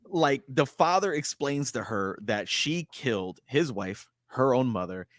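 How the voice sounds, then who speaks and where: A man co-hosting a podcast, excitedly sharing his reactions to a horror movie and acting them out. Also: medium pitch, unhurried, dry recording, clean studio sound. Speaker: podcast co-host. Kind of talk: casual movie breakdown chat.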